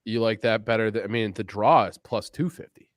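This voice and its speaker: A man co-hosting a sports betting podcast, giving measured, analytical takes. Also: fairly low pitch, no room sound, studio quality. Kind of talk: casual podcast chat.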